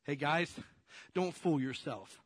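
A man's voice: a little high, takes it slowly, no echo. A man preaching a sermon in a casual, direct way, putting rhetorical questions to his listeners.

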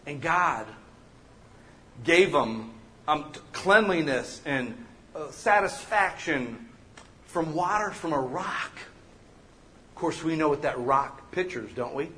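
A man preaching a sermon as pastor, animated and joking, acting out the people he quotes. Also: fairly high pitch, slow pace, pauses often, a little hiss or hum.

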